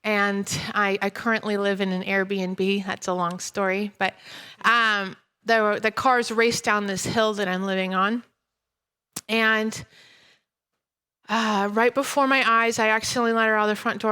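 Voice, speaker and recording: A woman in her thirties preaching a sermon and telling a personal story in an animated way. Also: mid-range voice, smooth. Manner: animated storytelling, breaks into laughter.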